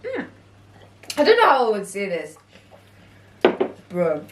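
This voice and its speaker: A woman's voice: medium pitch, huge pitch swings, slow pace, recorded from a distance, very noisy. A young British woman, a daughter co-hosting, talking casually with giggles and hesitant fillers. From Britain. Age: teens or young adult. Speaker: daughter co-host. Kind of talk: casual vlog chat. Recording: echoey room, off-mic.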